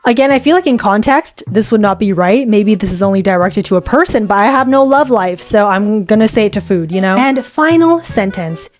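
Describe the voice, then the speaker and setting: A woman's voice: mid-range voice, lively intonation, brisk, hardly any pauses. A young woman chatting casually to camera as a vlogger, playful and self-mocking.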